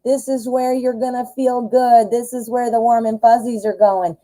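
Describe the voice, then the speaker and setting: A woman hosting a live tarot stream, chatty, excitable and often giggling as she reads the cards. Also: a little high, moderate pace, rough recording.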